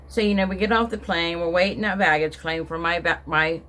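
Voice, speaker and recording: A woman's voice: fairly low pitch, fairly even intonation, fairly quick, hardly any pauses, bright, forceful tone, slight background noise. A middle-aged woman telling a personal story in a casual vlog, rambling with many restarts and emotional asides. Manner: emotional, recounting being upset. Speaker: vlogger.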